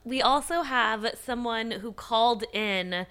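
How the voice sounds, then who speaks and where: A woman's voice: a little high, slow pace, a bit bright, clear, resonant tone. A woman on a podcast, casually and plainly setting up calls.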